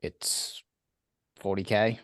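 Very deep-voiced man, blunt and profane. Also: level tone, extremely slow, vocal fry, a bit bright, dry recording, studio quality. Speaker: podcast co-host. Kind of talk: casual chat.

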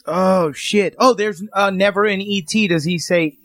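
A man in a casual podcast chat, joking around in an excitable, profane way. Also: sits high, a little slow, dry recording, clean studio sound.

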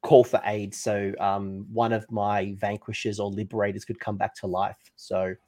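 A man's voice: lowish voice, level tone, moderate pace, a little mellow. A man co-hosting a casual gaming podcast, chatty and self-mocking as he grumbles about his dice luck. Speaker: podcast co-host.

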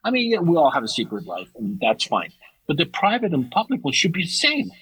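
Speaking briskly on a rough recording, this middle-aged man is a martial arts instructor guesting on a podcast. The conversation is casual and lively; he keeps starting his sentences over and pushes his pitch up to stress points as he tells his stories.

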